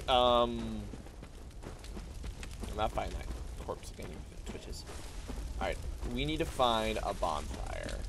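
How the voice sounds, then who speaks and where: A man doing live gameplay commentary as a streamer, excitable and swearing, yelping and talking back to enemies. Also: fairly low pitch, noisy background. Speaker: gaming streamer.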